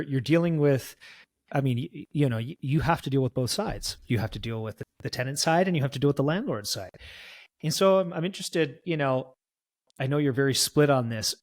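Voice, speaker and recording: A man hosting an interview, framing his questions in a measured way with some restarts. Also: a little high. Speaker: podcast host.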